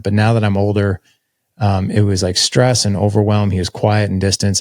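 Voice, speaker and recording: A man's voice: sits low, creaky, a little mellow, dry recording, clean studio sound. A man in his forties telling a personal story as a podcast guest, candid and conversational, with lots of filler words. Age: 40s.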